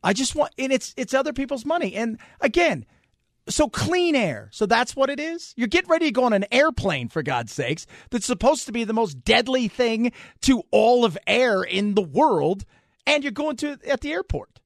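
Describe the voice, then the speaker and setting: A man's voice: very high voice, very animated, normal speed, dry recording, studio quality. A man hosting a radio talk show, fired up and sarcastic as he rants.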